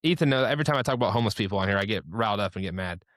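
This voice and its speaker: A young man hosting a casual chat, talking quickly with lots of fillers and ranting. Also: on the low side, animated, fairly bright tone, dry recording, studio quality. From Indiana, USA.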